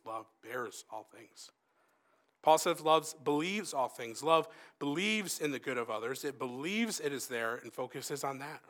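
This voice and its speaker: A man preaching a sermon in an earnest, conversational way, rising for emphasis and softening for quoted asides. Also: mid-range voice.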